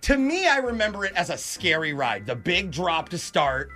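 A man's voice: high voice, big pitch swings, moderate pace, sharp tone, faint music behind. A man co-hosting a radio show, telling a personal story in an earnest, heartfelt way. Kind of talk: casual chat, personal story.

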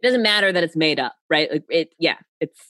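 A woman speaks as a podcast guest, emphatic and animated, cursing as she argues her point. Her voice sits a little low and sounds dry and close to the mic. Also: a little fast, no room sound. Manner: animated, emphatic, swears freely. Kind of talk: casual podcast chat.

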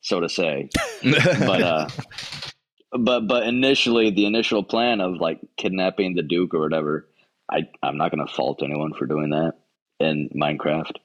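A man's voice: deep voice, moderate pace. A man co-hosting a podcast, joking wryly about a film in casual talk, often repeating words as he restarts. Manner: wry, joking, stammers on restarts. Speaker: podcast co-host. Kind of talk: casual movie discussion.

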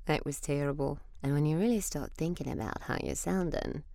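A woman voice actor musing softly while improvising a character demo. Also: deep voice, fairly quick, vocal fry, no room sound.

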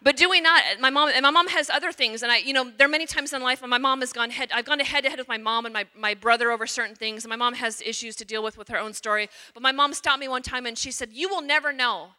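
Bright-voiced religious sister telling her story. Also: high voice, quick pace, few pauses. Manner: animated storyteller, acts out quotes. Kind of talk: personal testimony talk.

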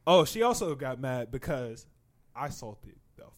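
A man's voice: mid-range voice, very animated, a little slow. A young man in casual chat with friends, retelling a story with a lot of swearing and frequent laughter.

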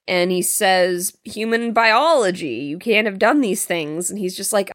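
Female podcast co-host, bright dry voice, sarcastic and foul-mouthed critic. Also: medium pitch, measured pace, no echo. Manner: blunt, sarcastic, swears freely. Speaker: podcast co-host reviewing a film. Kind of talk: casual critical chat.

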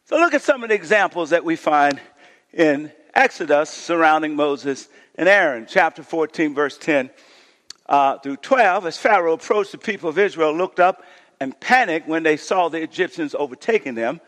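A male pastor preaching a sermon, reading scripture aloud and calling on the congregation to shout back responses. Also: a little high, lively intonation, normal speed, in a large hall. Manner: reads scripture, voicing the complaining crowd with rising intensity.

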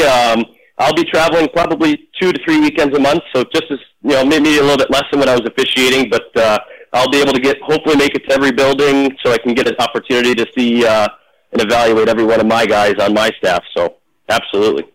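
A man, a former referee, telling stories casually in an interview, animated and full of restarts. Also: medium pitch, fast, poor audio. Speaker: hockey officiating manager, former referee.

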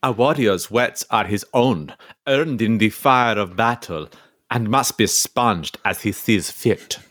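A man's voice: lowish voice, slow, fairly bright tone, no echo, clean studio sound. A man voicing a proud Viking warrior who declaims in pompous, mock-heroic speech, improvised for comedy. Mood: haughty. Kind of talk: comedic improvised voice acting on a podcast.

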